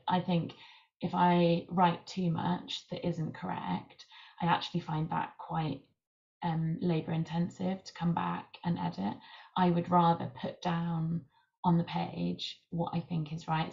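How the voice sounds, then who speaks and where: A woman's voice: fairly low pitch, vocal fry, a little mellow. A woman author explaining her writing process in a thoughtful, explanatory way. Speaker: author guest. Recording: muffled lo-fi recording.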